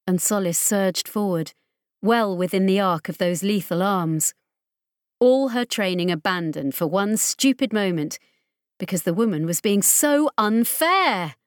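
A woman narrating an audiobook in a measured, dramatic reading. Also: medium pitch, lively intonation, dry recording, studio quality. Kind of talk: scripted narration.

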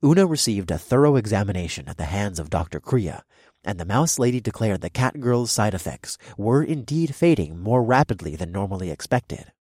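A male narrator tells a first-person fantasy tale in a steady, measured voice. His voice is low and a little husky. The dry, close sound keeps him right at the listener's ear. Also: dry recording. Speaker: audiobook narrator.

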